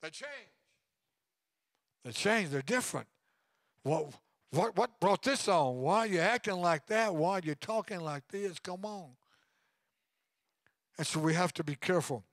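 A man in his sixties preaching a sermon as pastor, swinging between loud preaching and quiet asides. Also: high-pitched, expressive, moderate pace, pauses often, no room sound.

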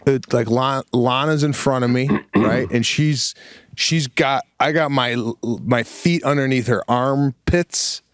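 A middle-aged man co-hosting a podcast, telling a story in casual chat with slow, drawn-out pauses. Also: mid-range voice, smooth, no room sound, clean studio sound. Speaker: podcast co-host.

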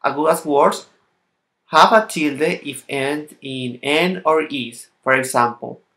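Slow, bright-voiced man teaching a lesson. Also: a little high. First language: Spanish. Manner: slow, careful, non-native English, reading out word lists. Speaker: Spanish teacher. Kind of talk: recorded language lesson.

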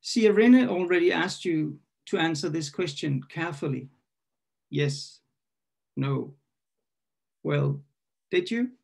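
A man with a somewhat high, gravelly voice that has a husky edge reads his own poetry to an online audience. He is tentative and full of restarts when he talks about the poem. When he reads it, he turns deliberate and probing, and the sound comes through a video call. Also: a little mellow. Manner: halting and self-correcting when introducing, measured and questioning when reading. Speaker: poet reading his own work.

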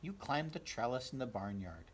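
A man reading a storybook aloud, voicing a calm, steady old grandmother in a soft, reassuring way. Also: mid-range voice, normal speed. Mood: warm. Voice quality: croaky.

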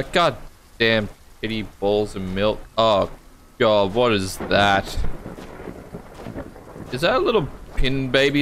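A man's voice: medium pitch, a bit bright, a little hiss or hum. An Australian man, the host, giving jumpy, joking commentary while playing a horror game and swearing often. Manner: jumpy, swears a lot, jokes to himself. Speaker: gaming channel host.

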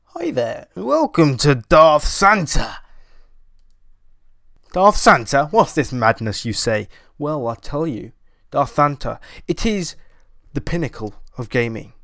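A young man playing a horror game and commenting on it, jittery and panicky, talking to himself and sometimes humming in a sing-song way to calm his nerves. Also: medium pitch, unhurried. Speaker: gaming YouTuber.

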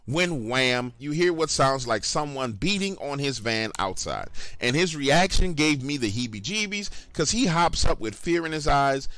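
A man's voice: mid-range voice, lively intonation, normal speed, fairly bright tone, dry recording. A man telling a first-person horror story in a casual, conversational way, talking straight to the listeners.

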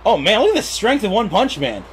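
A man's voice: high-pitched, very animated, fairly quick, a little hiss or hum. A young man giving casual, laughing play-by-play commentary on a wrestling video game.

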